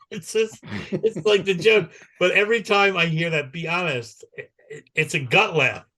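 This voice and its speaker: A man's voice: sits high, moderate pace. A man co-hosting a podcast in casual chat, telling a long rambling story and acting out the people in it. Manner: rambling animated storyteller who acts out the people he quotes. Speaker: podcast co-host.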